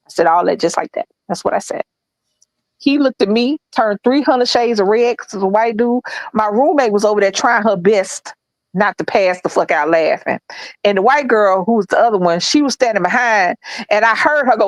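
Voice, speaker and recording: A woman co-hosting a podcast, telling a work story in a blunt, profane, animated way. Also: medium pitch, moderate pace, no room sound, poor audio. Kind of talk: casual storytelling chat.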